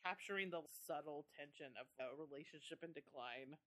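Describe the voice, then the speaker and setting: A woman co-hosting a horror podcast, chatting casually in an expressive, slangy way and laughing easily. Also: deep voice, brisk. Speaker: podcast co-host. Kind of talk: casual chat.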